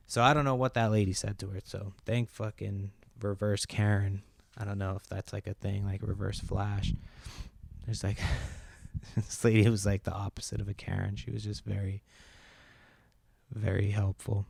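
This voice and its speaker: A low-voiced man hosts his podcast, rambling through a frustrated story with plenty of swearing. The recording is dry and close, with no room sound. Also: flat delivery, moderate pace, vocal fry, no echo. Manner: profane, exasperated storytelling. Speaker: podcast host. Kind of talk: casual rambling monologue.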